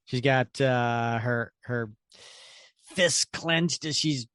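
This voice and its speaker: A man's voice: medium pitch, drawn-out words, smooth, no echo, studio quality. A man co-hosting a comic book podcast, describing panels with enthusiasm. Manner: enthusiastic, animated. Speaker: podcast co-host. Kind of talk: comic book review chat.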